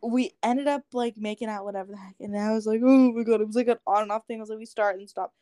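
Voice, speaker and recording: A woman's voice: mid-range voice, fairly even intonation, quick pace, mellow, no echo, clean studio sound. A young woman co-hosting a podcast, telling a story in casual chat and acting out the dialogue. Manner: chatty storyteller, acts out dialogue, many "like"s. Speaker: podcast co-host.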